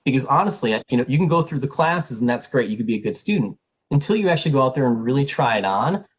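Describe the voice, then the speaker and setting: Husky, earnest middle-aged man. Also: medium pitch, lively intonation, quick pace, poor audio. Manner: earnest, emphatic, direct. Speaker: pre-health program advisor and instructor. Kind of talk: info session talk to prospective students.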